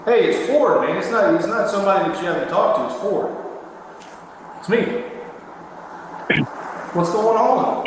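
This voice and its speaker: Male cop, fast patient coaxing talk, high voice, strong echo, noisy footage. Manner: coaxing, patient, quick talking. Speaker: police officer. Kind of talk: calm persuading. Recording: echoey, distant, noisy body camera footage.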